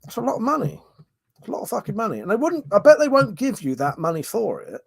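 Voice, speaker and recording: A man's voice: high-pitched, very animated, fast, creaky, breathy edge. A man hosting a casual live stream, reading out viewer comments in a rambling, sweary, jokey way, yawning and short of breath.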